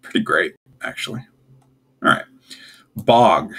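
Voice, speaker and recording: A young man with a low, gravelly voice that still sounds bright and forward. He talks casually and offhandedly, often puzzled, and slips in wry asides as he ranks things on his own. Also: animated, takes it slowly. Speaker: tier list video host. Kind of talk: casual solo commentary.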